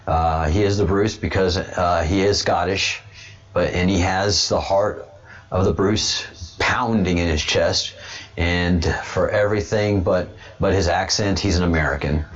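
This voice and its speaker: Rambling low-voiced livestream host. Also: male voice, fairly even intonation, a little slow. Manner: rambling, repeats himself, restarts a lot. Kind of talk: casual political livestream commentary. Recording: dull lo-fi webcam sound.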